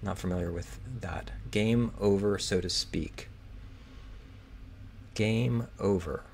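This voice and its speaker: Man working a crossword aloud, low-pitched, unhurried and hesitant. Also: darkish tone, slight background noise. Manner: muttering, hesitant, reads clues aloud slowly. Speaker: crossword solver. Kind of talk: thinking aloud while solving. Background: keyboard typing and clicking.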